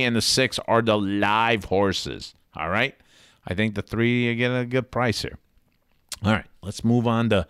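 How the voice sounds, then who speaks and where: A man's voice: medium pitch, a bit bright, clean tone, no room sound, clean studio sound. A man handicapping horse races in a casual, blunt, chatty way, swearing now and then. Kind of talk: casual race picks talk.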